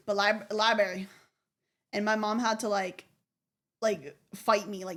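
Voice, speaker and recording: A woman's voice: medium pitch, moderate pace, pauses often, a bit bright. A young woman streamer chatting casually and playfully, giggling and repeating words to test how she says them. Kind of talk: casual live-stream chat.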